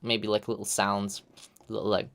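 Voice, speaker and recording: A man's voice: on the low side, monotone, normal speed, very noisy. A man hosting a live stream, giving loose, chatty feedback full of "like" fillers and the odd swear. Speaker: host reviewing game audio reels.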